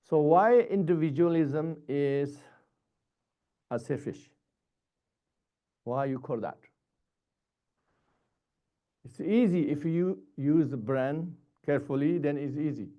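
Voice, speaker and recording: A man giving a Buddhist dharma teaching in short, halting, repetitive phrases. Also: a little high, lo-fi sound.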